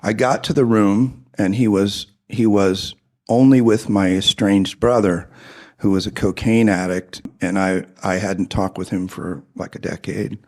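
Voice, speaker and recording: Middle-aged man, husky low voice, earnest personal testimony. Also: fairly even intonation, a little slow. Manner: earnest, drops into hushed tones for emotional moments. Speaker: speaker giving a personal testimony. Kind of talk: personal storytelling.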